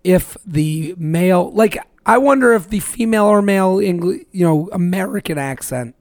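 A man with a Northeastern US accent, co-hosting a podcast in casual banter and tossing out quick jokes. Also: high voice, darkish tone, no room sound, clean studio sound. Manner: joking, quick asides. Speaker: podcast co-host, comedian.

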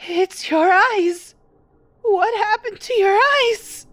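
A woman's voice: sits high, very animated, takes it slowly, darkish tone, dry recording, pitched above the performer's own voice, exaggerated voice. A woman voicing a frail, confused old mother who trembles and pleads in a shaky voice, in a horror story. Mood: terrified.

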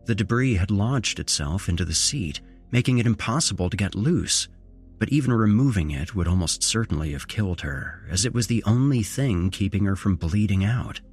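Male horror podcast host: very low voice, animated intonation, measured scripted narration. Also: slightly rough, faint music behind. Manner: measured storytelling with dramatic rises in intonation.

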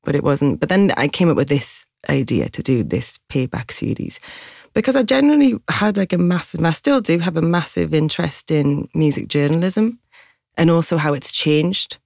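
A middle-aged woman from Newcastle with a husky Geordie accent, chatting as a singer-songwriter guest and poking fun at herself. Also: sits low, expressive, moderate pace, darkish tone, no room sound, studio quality. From Newcastle, England. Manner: chatty, self-mocking, laughs often. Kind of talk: casual interview chat.

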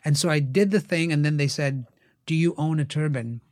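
Animated middle-aged man telling stories. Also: a little high, brisk, no room sound, clean studio sound. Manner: animated storyteller, acts out quoted voices. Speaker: podcast guest, actor. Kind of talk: casual storytelling interview.

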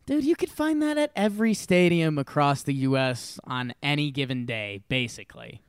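A young man co-hosting a sports talk show, telling animated stories in casual chat and swearing freely. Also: on the high side, normal speed, clean tone, no room sound. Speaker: sports podcast co-host.

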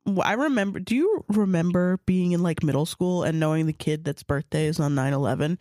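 A young woman co-hosting a casual podcast, sick and congested, talking in a sweary, animated way and mimicking other people. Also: on the low side, a little fast, no room sound, clean studio sound. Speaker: podcast co-host. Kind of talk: casual chat.

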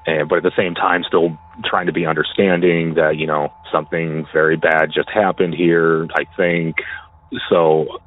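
Deep voiced guy telling his story, keeps restarting, sounds like a phone call. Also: level tone, a little hiss or hum. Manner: halting, repeats words and restarts often. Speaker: caller sharing a personal story. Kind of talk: casual storytelling. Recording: tinny phone line, dry.

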